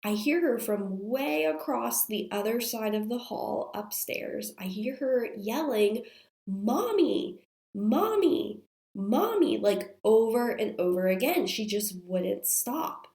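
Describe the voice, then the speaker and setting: A woman's voice: fairly high pitch, measured pace, creaky, few pauses, a little mellow. A woman in her thirties, sick and straining her voice, hosting a podcast and telling a candid story with plenty of fillers. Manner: chatty and confessional, many fillers. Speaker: podcast host. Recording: roomy echo.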